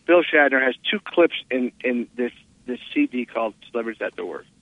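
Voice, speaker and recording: A man, an actor guest, telling animated stories and acting out quotes in a casual interview. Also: fairly quick, no echo. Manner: animated storyteller, acts out quotes with big pitch jumps. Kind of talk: casual phone interview storytelling. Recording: tinny phone line.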